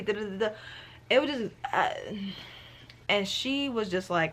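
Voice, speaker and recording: A woman vlogging about her reading, talking in an animated, sassy, slang-filled way as she reviews a book. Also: mid-range voice, unhurried, pauses often, slight background noise. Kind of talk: casual book review chat.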